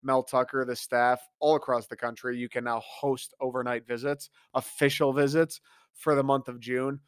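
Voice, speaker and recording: A man's voice: mid-range voice, little pitch movement, moderate pace, smooth, no echo, studio quality. A young man hosting a sports podcast, talking in a fired-up, repetitive monologue with casual swearing. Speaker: podcast host.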